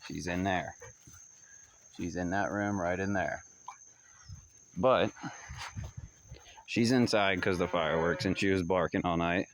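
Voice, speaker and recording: A man's voice: sits low, steady tone, unhurried, long pauses, slight background noise. A man casually telling a story to the camera, rambling and repeating himself in loose, slangy talk. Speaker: vlogger. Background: dogs barking and distant fireworks.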